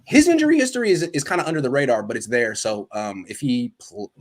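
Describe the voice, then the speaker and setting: A man hosting a sports talk show, excitable and quick with banter as he takes calls. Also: mid-range voice. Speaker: host.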